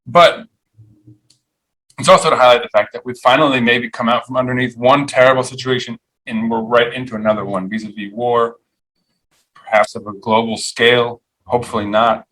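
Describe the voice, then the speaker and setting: Over a rough recording, a male podcast host speaks at a normal speed in a medium-pitched, somewhat bright voice with fairly even intonation. He rambles loosely through sardonic, opinionated commentary on the week's news, stumbling over fillers and restarting often.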